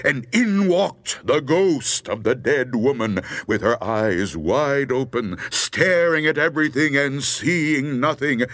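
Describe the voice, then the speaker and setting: A man narrating a ghost story with dramatic, expressive delivery. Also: mid-range voice, takes it slowly, few pauses, no echo. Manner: dramatic, expressive telling with rising tension.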